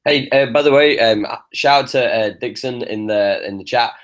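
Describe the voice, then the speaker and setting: A man's voice: mid-range voice, moderate pace, a bit bright. A young man co-hosting a podcast, ranting in an exasperated, profane, teasing way. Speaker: podcast co-host. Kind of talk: casual chat.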